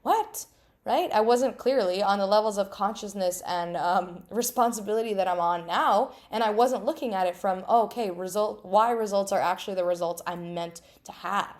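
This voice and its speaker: Candid, animated woman podcaster. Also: mid-range voice, normal speed, few pauses. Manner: candid, animated, swears freely, acts out inner voices; laughs at herself. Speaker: podcast host. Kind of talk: casual solo podcast monologue.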